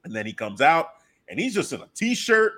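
A man in casual podcast chat, excitedly retelling a wrestling segment and acting out his own reactions. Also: fairly high pitch, moderate pace.

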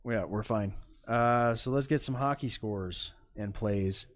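A man co-hosting a podcast in casual chat, easygoing and quick to laugh. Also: on the low side, no echo. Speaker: podcast co-host.

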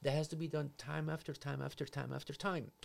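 A psychotherapist explaining ideas in conversation, acting out scenarios in quoted voices. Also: male voice, a little high, little pitch movement, a little fast, vocal fry. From Latin America.

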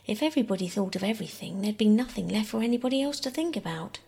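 A woman reading aloud, voicing a sensible, peacemaking older girl in a calm, tactful way. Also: mid-range voice, quick pace, creaky.

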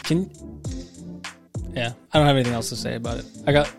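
Over background music, a man with a creaky, medium-pitched voice talks quickly as co-host of a casual podcast. His storytelling is animated and profane, and he acts out the people he quotes.

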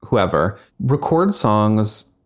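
A man's voice: on the low side, sing-song, extremely slow. Rambling chatty young man. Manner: chatty, rambling, heavy on fillers and swearing. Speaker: podcast co-host. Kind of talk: casual chat.

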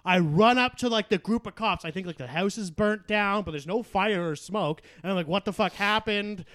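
A man co-hosts a podcast in a loose, joking chat. His voice sits high for a man. The recording is dry and close, with no room sound. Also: moderate pace, fairly bright tone, no room sound. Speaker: podcast co-host. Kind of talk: casual chat with mock news segments.

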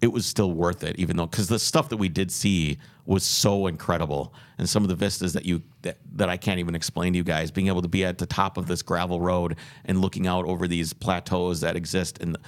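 Man, very low voice, rambling earnest podcast talk, restarts a lot. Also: fairly even intonation, a little fast, few pauses. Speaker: podcast host. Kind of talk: casual podcast chat.

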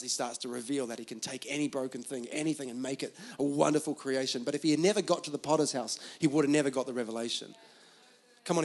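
A man's voice: mid-range voice, a bit bright. A male pastor preaching a sermon from a stool, pressing his points through emphatic repetition and "come on" exhortations. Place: church stage, seated on a stool.

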